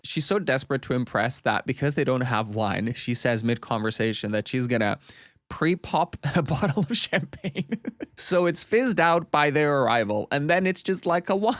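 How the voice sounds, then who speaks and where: A young man recapping a comedy film in a casual, sarcastic way, swearing often and telling it with lively energy. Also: fairly high pitch, no room sound, studio quality. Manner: profane, sarcastic, animated storytelling. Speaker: movie reviewer.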